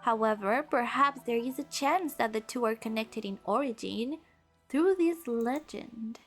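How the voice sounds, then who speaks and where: A woman reading out the lines of a calm, polite gentleman professor in a puzzle game, in a measured tone. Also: a little high, soft background music.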